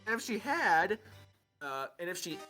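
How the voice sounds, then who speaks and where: A woman's voice: fairly low pitch, sing-song, moderate pace. A woman reading a children's book aloud for laughs, swearing often and riffing off the text, with faint music behind. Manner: swears a lot, rants, riffs off the text. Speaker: reader and co-host. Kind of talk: comedic book reading with crude jokes.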